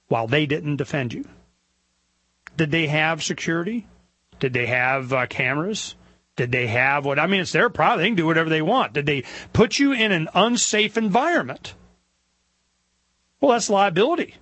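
A middle-aged man hosting a talk show, telling stories in a rambling, animated way with lots of asides. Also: fairly high pitch, moderate pace, long pauses, no room sound. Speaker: radio talk show host. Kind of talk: casual monologue.

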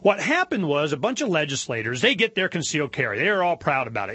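A man holds forth on his talk show in an animated, indignant monologue, his voice climbing whenever he gets worked up. His tone is bright and forceful, sitting a little high for a man. The sound is dry and close, with no room around him. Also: quick pace, few pauses, breathy edge, no echo. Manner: animated, indignant storytelling, rising pitch when worked up. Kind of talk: opinionated monologue.

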